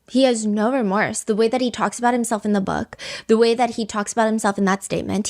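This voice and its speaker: A woman's voice: a little high, darkish tone. A woman hosting a podcast, talking casually with emphatic, indignant commentary. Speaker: podcast host.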